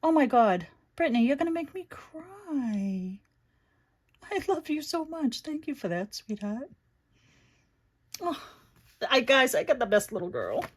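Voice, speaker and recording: Husky and high-pitched, with big swings in pitch, a middle-aged woman hosts a talkative livestream craft lesson and reads viewers' comments between steps. She speaks at a measured pace with long pauses, warm and chatty toward her daughter and the people watching.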